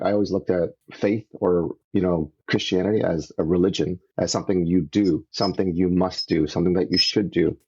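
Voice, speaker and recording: A man from Canada, a podcast guest, telling his story in an earnest, animated way and acting out the voices he quotes, on dull lo-fi audio. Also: sits low, breathy edge. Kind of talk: casual storytelling interview.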